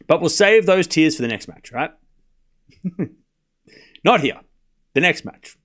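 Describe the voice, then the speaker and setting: A man's voice: on the high side, expressive, slow, fairly bright tone. Chatty Australian man calling tennis. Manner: rambling and chatty, calling scores between asides. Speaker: host doing live tennis commentary. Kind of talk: casual live-stream commentary.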